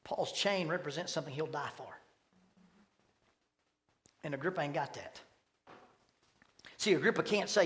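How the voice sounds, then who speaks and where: A middle-aged man preaching a sermon, telling stories and acting out voices with sudden loud bursts. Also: fairly high pitch, moderate pace, pauses often. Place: church sanctuary. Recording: long hall reverb.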